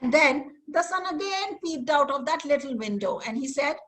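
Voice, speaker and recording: A woman storyteller from India telling a children's story to kids in a virtual session, animated and often asking them questions. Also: sits high, moderate pace. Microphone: video call mic.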